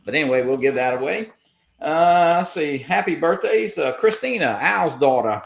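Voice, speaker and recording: A man's voice: on the high side, animated, normal speed, creaky, echoey room. A man hosting a casual livestream chat, rambling through announcements with many fillers. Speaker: host.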